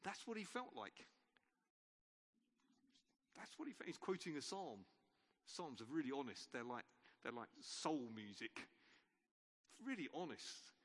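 A male preacher gives an Easter sermon in a church, telling it informally like a story with wry asides. His medium-pitched voice is very animated, delivered at a measured pace with long pauses, and the church's long reverb fills the recording.

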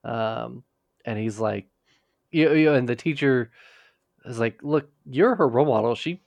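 A man on a podcast chats casually through a TV episode recap. He rambles, restarts his sentences and drops in quick character quotes. His voice sits in the middle range and sounds dry and close. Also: mid-range voice, gravelly, darkish tone, dry recording, muffled recording. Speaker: podcast co-host.

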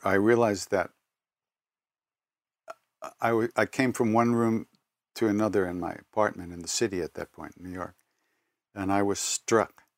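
An older man giving a spiritual talk, telling personal stories in an unhurried, reflective way with pauses and self-corrections. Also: on the low side, no echo. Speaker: spiritual teacher.

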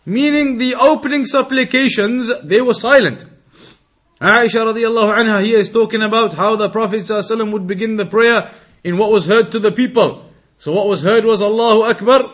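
Guy teaching a hadith class, pretty high voice, goes over points again and again. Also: fairly bright tone. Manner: methodical, repeats key points, reads Arabic passages quickly. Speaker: Islamic teacher. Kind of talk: explaining a hadith text.

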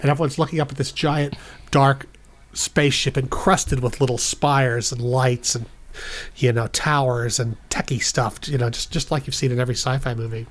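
A man's voice: mid-range voice, steady tone, normal speed. A man, a guest podcast host, improvising a playful bedtime story and acting out the characters' lines in raised voices.

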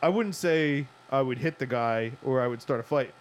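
A man co-hosting a casual chat, chatty and quick to laugh, thinking out loud. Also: mid-range voice. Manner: chatty, laughs easily, reflective. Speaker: co-host.

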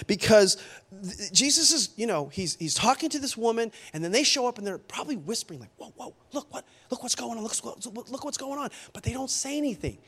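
A man preaching a sermon as a pastor, animated and acting out the people in the story. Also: high voice. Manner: animated, acts out quoted voices.

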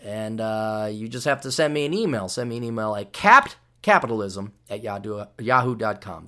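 A man's voice: on the low side, sing-song, moderate pace, bright, forceful tone. A man from the United States hosting his own podcast in a rambling, sarcastic, mock-ranting monologue. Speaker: podcast host.

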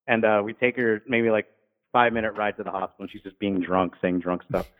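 A man casually recounts stories from his ambulance shifts, jumping into high, squeaky voices to play the people he met. His voice comes through thin and tinny, like a phone line. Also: fast talker. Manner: animated, acts out drunk patients in high voices. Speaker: guest, former paramedic. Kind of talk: casual storytelling.

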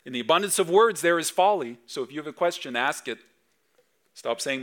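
A man in his thirties, a pastor preaching a sermon with emphatic swings between loud and soft. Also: a little high, lively intonation, a little fast. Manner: acts out dad talking to his kids.

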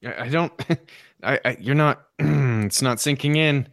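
A man's voice: mid-range voice, measured pace, a bit bright, dry recording, studio quality. A man playing a tabletop game, talking in a hesitant, stammering way. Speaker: player.

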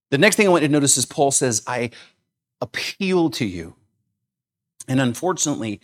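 A man preaching a sermon, swinging from loud, emphatic calls to quiet, explanatory asides, with frequent repeats and restarts. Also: medium pitch. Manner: repeats words, small restarts. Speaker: pastor.

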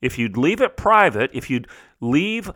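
A man's voice: medium pitch, sing-song, measured pace, fairly bright tone, no room sound. A middle-aged man hosting a talk show, delivering an emphatic, preacherly monologue full of rhetorical questions. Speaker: radio talk show host.

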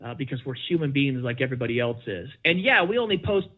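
A middle-aged man, guesting on a podcast, tells a candid personal story at a fast clip, animatedly acting out quoted back-and-forth exchanges with big pitch jumps. The sound is phone quality.

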